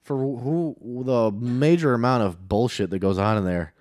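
A man co-hosting a podcast in crude casual chat, vulgar and deadpan. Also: medium pitch, measured pace, no room sound, studio quality. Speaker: podcast co-host.

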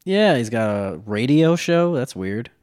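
A man hosts a comedy podcast with a lively, bouncing pitch. He banters playfully and laughs often. His voice sounds dry and close to the mic. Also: unhurried, smooth, no room sound. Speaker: podcast co-host.

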